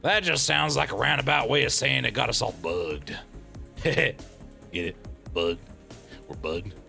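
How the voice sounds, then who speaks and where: A man's voice: medium pitch, a little slow, vocal fry, bright, forceful tone, soft background music. A man streaming a game, joking and rambling in a theatrical way as he reads along. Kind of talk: casual game stream commentary.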